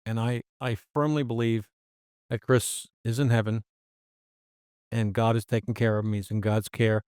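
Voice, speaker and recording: A man's voice: on the low side, level tone, normal speed, darkish tone, clean tone, dry recording, studio quality. A man hosting a podcast, speaking earnestly with a preacherly cadence about faith. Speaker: podcast host. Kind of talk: earnest faith-based reassurance.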